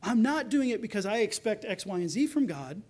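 A man preaching a sermon, earnest, acting out quoted voices and dropping soft for tender lines. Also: high voice, very animated, brisk. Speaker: pastor.

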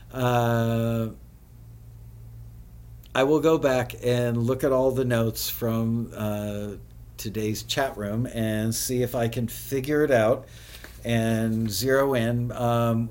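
A man hosting a live web show, chatting casually with viewers, often laughing and spelling things out slowly. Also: medium pitch, a little mellow.

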